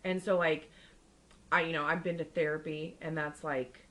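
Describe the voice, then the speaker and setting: A woman's voice: steady tone, moderate pace, fairly bright tone, low-quality recording. A young woman co-hosting a podcast, chatting casually and acting out the people in her stories. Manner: chatty storyteller, acts out quotes with big pitch jumps. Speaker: podcast co-host. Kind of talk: casual chat.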